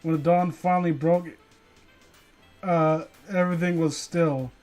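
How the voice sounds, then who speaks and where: Young dude reading a story out loud, keeps ranting and swearing at it, kinda high voice. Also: male voice, fairly even intonation, a little slow, soft background music. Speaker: reader and commentator. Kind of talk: comedic dramatic reading with commentary.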